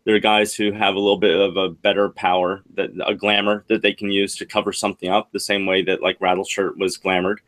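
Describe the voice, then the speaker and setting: A man's voice: low voice, little pitch movement, brisk, few pauses, fairly bright tone. A man, a chat moderator on a livestream, confidently explaining a theory at length.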